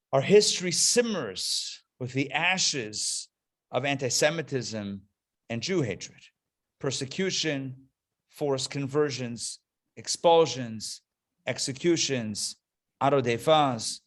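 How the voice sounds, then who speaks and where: A man, a rabbi, teaching a live class over a video call, telling jokes in an animated storytelling manner and then speaking earnestly. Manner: animated storyteller, swings into high excited voices for characters. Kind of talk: live lecture with told jokes. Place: classroom streamed to an online call.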